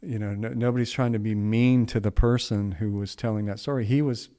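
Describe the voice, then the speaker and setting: A middle-aged man tells a story on a podcast in a relaxed, folksy way. He rambles and restarts, and tosses in asides as he goes. His voice sits a bit low. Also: brisk, clean tone. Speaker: podcast co-host. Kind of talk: casual storytelling chat.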